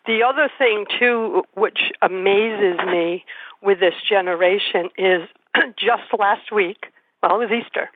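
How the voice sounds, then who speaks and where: Female talk host who tells lively stories and mimics the people she quotes. Comes through a tinny phone line. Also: medium pitch, slow, no room sound. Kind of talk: casual storytelling conversation.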